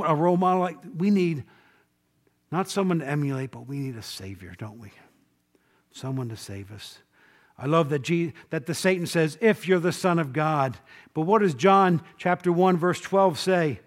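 A male preacher leads a relaxed Bible class in a slightly high voice, chatting with his listeners and throwing questions back at them. He acts out the quotes he tells, and on key points he drops to a low, quiet voice. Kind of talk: informal Bible class sermon.

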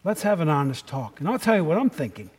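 Conversational male pastor, slightly high voice. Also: sing-song, fast talker, husky. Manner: conversational, asks the congregation questions. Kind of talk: sermon.

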